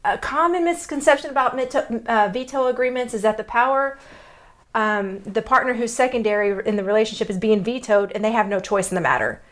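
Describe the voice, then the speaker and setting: A woman's voice: fairly high pitch, a little fast. Texan woman explaining on a podcast. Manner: explains at length with restarts. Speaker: podcast co-host, relationship doctor.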